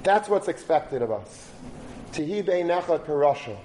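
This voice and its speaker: A man giving a storytelling sermon, moving between animated retelling and forceful exhortation. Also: a little high, normal speed, slight background noise. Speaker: preacher. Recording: roomy recording with faint background.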